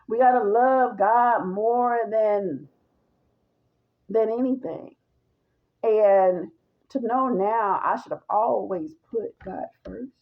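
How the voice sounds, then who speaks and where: Woman, gravelly voice, emphatic testimony, dull lo-fi recording. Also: medium pitch, slow pace. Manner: emphatic, speaks straight to listeners as y'all. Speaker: woman sharing her testimony. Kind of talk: personal testimony monologue.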